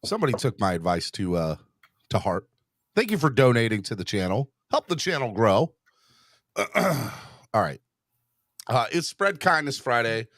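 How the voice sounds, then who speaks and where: A man hosting a sports podcast in casual chat, rambling and excitable, often restarting his sentences. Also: mid-range voice, moderate pace, long pauses, dry recording, clean studio sound. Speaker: podcast host.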